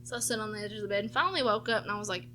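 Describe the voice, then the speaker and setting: Kobieta po trzydziestce z południowym akcentem USA, gawędząca w podcaście, barwnie i z przekleństwami odgrywająca kwestie bliskich. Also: female voice, medium pitch, very fast, faint music behind. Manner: animated, swears freely, acts out family members' lines. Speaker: podcast co-host. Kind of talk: casual storytelling chat.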